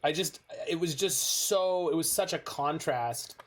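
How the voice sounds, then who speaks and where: A man's voice: on the high side, measured pace. A North American man chatting casually with viewers while playing a card game, rambling off into stories. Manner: rambling, digressive storytelling. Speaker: game streamer.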